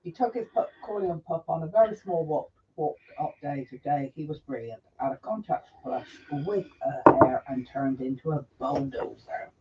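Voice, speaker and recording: A man's voice: fairly high pitch, lively intonation, moderate pace, hardly any pauses, far from the mic, dull audio. Chatty man, heard from afar.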